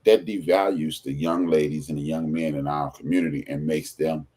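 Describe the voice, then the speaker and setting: Male podcast host from Chicago, husky voice, animated casual talk. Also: rumbling low, moderate pace. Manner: animated storytelling with quoted voices.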